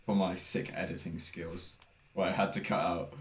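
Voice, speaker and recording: Brief: low-pitched young guy, dry self-mocking podcast host, roomy echo. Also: little pitch movement, moderate pace, gravelly. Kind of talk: casual chat.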